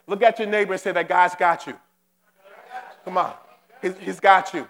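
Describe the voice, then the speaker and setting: A man's voice: high-pitched, steady tone, moderate pace, pauses often, a bit bright. A man preaching a sermon at a church service, urging the congregation on with fervent, repetitive calls. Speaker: pastor. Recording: long hall reverb.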